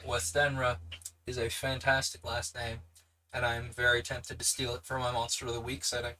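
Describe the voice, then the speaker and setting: A man with a New Zealand accent and a bright, ringing voice reads a classic novel aloud on a livestream. He keeps drifting off the page to chat with his viewers, then settles back into the text. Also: mid-range voice, monotone, normal speed, slight background noise, low-quality recording. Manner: chatty, digresses and answers live chat between passages. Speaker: livestream book reader. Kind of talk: reading a novel aloud with casual chat asides.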